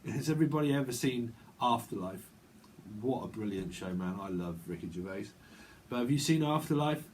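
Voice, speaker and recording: A man's voice: medium pitch, animated, a little mellow, slight background noise. Rambling man reading tarot. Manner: rambling, chatty, quick asides and self-interrupting laughs. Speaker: tarot reader. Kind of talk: casual monthly tarot reading.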